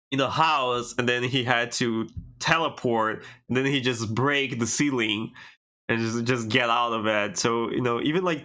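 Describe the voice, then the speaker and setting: Bright-voiced animated man co-hosting a podcast. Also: mid-range voice. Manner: animated, restarts often, laughs easily. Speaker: podcast co-host. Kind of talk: casual chat.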